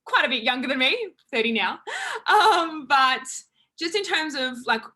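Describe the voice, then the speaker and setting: A woman hosts a webinar over a video call, her voice high and bright with a sharp edge. She talks in a chatty, encouraging way, full of "like" and "um". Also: animated, moderate pace. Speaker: webinar host. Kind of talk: casual hosting on a video call.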